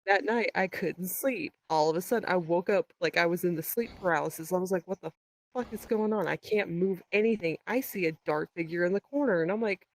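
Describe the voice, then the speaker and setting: A woman guest on a podcast, telling a story in a casual, profane, animated way and quoting dialogue. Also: fairly low pitch, brisk, no echo, low-quality recording.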